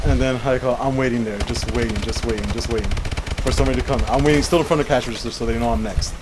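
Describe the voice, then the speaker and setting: A man's voice: medium pitch, fairly even intonation, racing, noisy background. A young man co-hosting a casual chat show, telling a long rambling story and often saying "how you call it". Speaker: podcast co-host.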